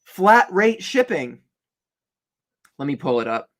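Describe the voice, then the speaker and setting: Working from his home office, a young online reseller hosts a casual live stream, his voice pitched slightly above the typical male range. He's excitable and laughs a lot, speaking slowly and directly to viewers while thinking aloud as he works.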